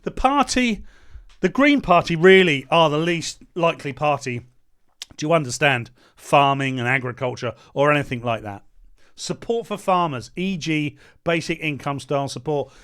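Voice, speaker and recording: A man's voice: on the high side, lively intonation, moderate pace, a bit bright, clean tone. A man giving a ranting commentary, reading out points and then mocking them with sarcastic jabs and insults. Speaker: political commentator.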